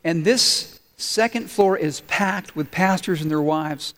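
Male pastor, higher-pitched voice, preaching to his congregation and prompting them to fill in the words. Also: takes it slowly, a bit bright. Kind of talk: sermon. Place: church.

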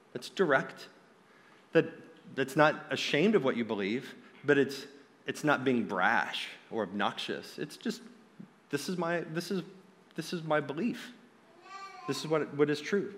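A man gives an earnest, direct sermon, often stumbling and restarting mid-phrase. His voice sits a little high for a man. The sound trails off into a long reverb, as in a big hall. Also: fairly bright tone. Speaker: preacher.

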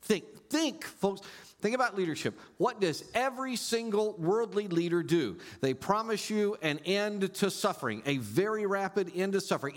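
A male pastor preaching a sermon in an animated way, rising to loud emphasis and dropping to quiet asides. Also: high voice, normal speed, in a large hall.

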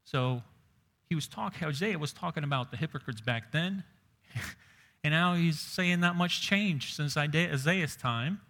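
A man's voice: a little high, measured pace, a bit bright. A man preaching a sermon in a conversational way, raising his voice when quoting scripture.

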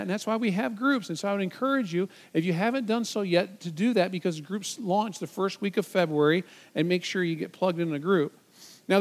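A man gives a sermon from a church stage, talking to the congregation in an easy, conversational way. His voice sits fairly high for a man. He encourages people and jokes around with a volunteer in a playful tone. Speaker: pastor.

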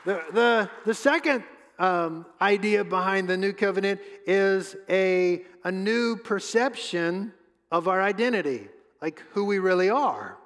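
A man preaching a sermon as pastor, emphatic, repeating his words and pausing often. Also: high-pitched, animated, a bit bright. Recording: long hall reverb.

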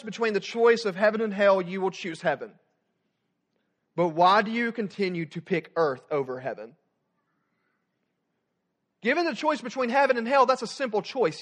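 His voice sits high as this young man, serving as student pastor, gives an animated sermon that alternates between booming emphasis and soft, quiet moments.

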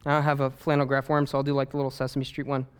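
A pastor preaching a sermon, telling a story with lively humor and playful asides. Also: male voice, medium pitch, rapid-fire, smooth.

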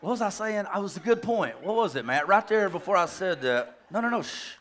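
Animated, bright-voiced male preacher. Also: sits high, brisk. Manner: animated, joking, rambling asides. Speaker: pastor. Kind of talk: sermon.

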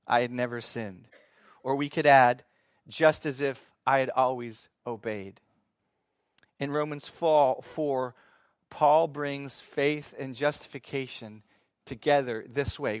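A man's voice: medium pitch, dry recording. Dry-sounding man preaching a sermon. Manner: asks the listeners questions and answers them himself; reads scripture slowly and deliberately. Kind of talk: Bible teaching sermon.

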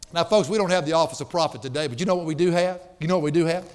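A man preaches a sermon with a high, ringing voice. He is emphatic and folksy, slipping in playful asides, and his words trail off into a long hall reverb. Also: racing, few pauses, a little mellow. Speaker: pastor.

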